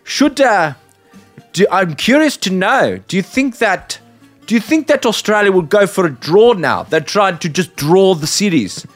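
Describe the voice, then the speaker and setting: A man mimicking a high-pitched South African cricket pundit. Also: animated, faint music behind. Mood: mocking. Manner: high, drawn-out, mockingly earnest. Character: mock South African male cricket pundit, earnest and fake-curious.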